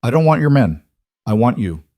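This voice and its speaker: A man's voice: medium pitch, sing-song, normal speed, darkish tone, dry recording, pitched above the performer's own voice, close to an everyday voice. A man doing a frightened, defiant young woman. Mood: upset. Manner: pleading, rising voice.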